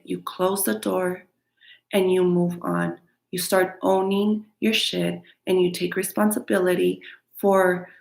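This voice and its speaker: A woman with a low, gravelly voice speaks candidly to her viewers, giving motivational self-help advice. Her tone is earnest and frank. The sound carries a noticeable room echo. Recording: echoey room.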